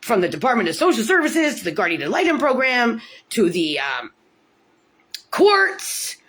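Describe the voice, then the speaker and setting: An American woman in an angry personal rant, swearing often, filling with "like", and jumping up in pitch when she gets indignant. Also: big pitch swings, fairly quick, a bit bright. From United States. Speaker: parent telling about her court case.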